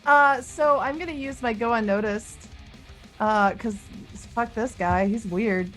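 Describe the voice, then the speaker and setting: A woman playing a tabletop game who talks slowly and dryly, tossing out wry jabs in a fairly high voice. Faint guitar music sits behind her. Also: a bit bright. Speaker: player. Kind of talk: casual tabletop play chat.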